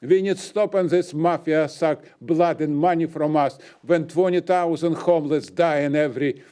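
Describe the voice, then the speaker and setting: A man's voice: fairly high pitch, steady tone, normal speed, dark tone, clean tone. Older non-native English speaker, male, public commenter; emphatic rant, darker tone. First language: not English. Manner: broken English, emphatic and ranting. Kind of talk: public comment at a city council meeting.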